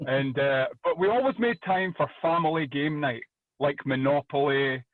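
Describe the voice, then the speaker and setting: A Scottish man doing loud, energetic stand-up comedy over a video call, swearing freely. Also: a little high, normal speed, dry recording. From Scotland. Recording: dry tinny phone-like call audio.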